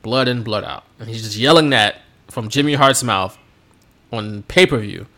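A man's voice: mid-range voice, expressive, normal speed, bright, forceful tone. A man co-hosting a podcast in casual, jokey chat, laughing often. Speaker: podcast co-host.

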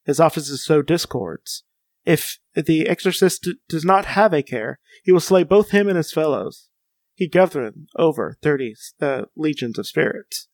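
A man's voice: a little high, expressive, moderate pace, dry recording, clean studio sound. A young man in casual chat, rambling and enthusiastic, restarting his sentences often.

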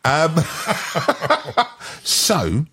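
Bantering man with a husky voice. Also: on the high side, sing-song, very slow, bright, forceful tone. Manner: laughing, bantering, crude jokes. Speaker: podcast co-host. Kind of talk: casual banter.

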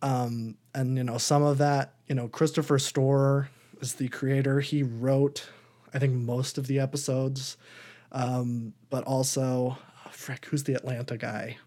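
Mellow-voiced man rambling with enthusiasm. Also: mid-range voice, level tone, measured pace. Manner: rambling and enthusiastic, talks in long loose run-ons. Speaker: podcast co-host. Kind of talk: casual chat reviewing TV shows.

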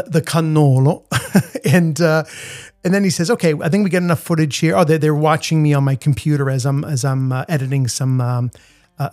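A man's voice: a little high, a little mellow, no echo. A middle-aged man with a Boston accent, telling a story in a casual, rambling podcast monologue full of fillers and restarts. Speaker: podcast host, street photographer.

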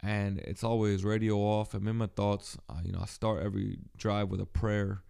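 Deep gravelly man venting raw. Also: little pitch movement, mellow. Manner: halting, profane, emotionally raw. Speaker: podcast host. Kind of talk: personal solo monologue.

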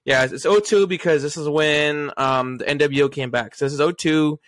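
A man's voice: on the high side, fairly quick, no room sound. A young adult man hosting a podcast, chatting eagerly with lots of fillers and side remarks. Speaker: podcast host. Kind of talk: casual podcast chat.

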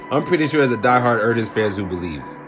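A young man co-hosting a podcast, bantering loudly and laughing often. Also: medium pitch. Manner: loud, joking, quick to laugh. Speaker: podcast co-host. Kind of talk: casual banter.

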